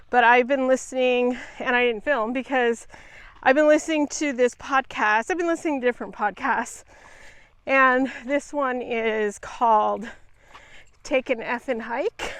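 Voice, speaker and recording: A woman's voice: sits high, fairly bright tone, smooth, no echo. A woman chatting casually and upbeat while out hiking on a mountain trail, filming herself on a small handheld camera. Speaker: vlogger.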